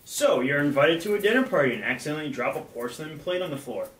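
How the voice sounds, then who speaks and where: A young man with a slightly high, bright voice talks animatedly and quickly as a co-host of a snack review. Laid-back and quick to laugh, he reads trivia aloud in casual chat, recorded in an echoey room with a distant mic.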